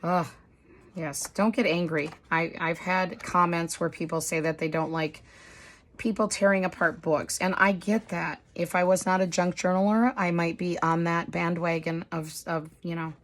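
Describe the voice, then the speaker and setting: A woman with a hoarse, slightly low-pitched voice talks through a craft haul in easy, rambling vlog chat. She is apologetic and self-deprecating, talking as if to friends watching. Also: fairly even intonation, moderate pace. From United States. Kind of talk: casual chatty show-and-tell.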